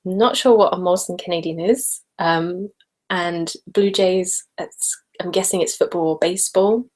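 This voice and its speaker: A woman's voice: lowish voice, fairly even intonation, measured pace, darkish tone, low-quality recording. A young woman chats casually on a live webcam stream from a room at home. She speaks in her ordinary voice, not a whisper, and fills her talk with ums, likes and little laughs as she reads comments. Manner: chatty, giggly, many ums and likes. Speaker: ASMR channel host in live hangout.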